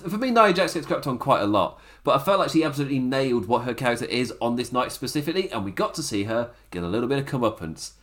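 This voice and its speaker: A man's voice: mid-range voice, big pitch swings, fast talker, few pauses, fairly bright tone. A young man hosting a wrestling show, chatting casually to camera, rambling and laughing often.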